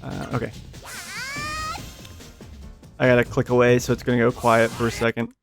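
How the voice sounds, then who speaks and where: Gravelly man ranting over a game. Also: medium pitch, completely flat delivery, faint music behind. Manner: profane, quick to rant at game characters. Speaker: let's play gamer. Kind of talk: casual gameplay commentary. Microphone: desk microphone.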